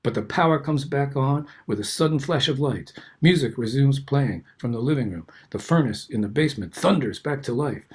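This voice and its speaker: An older man, host of the show, reading his own personal essays aloud in a reflective, unhurried way. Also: mid-range voice, expressive, a little mellow, husky.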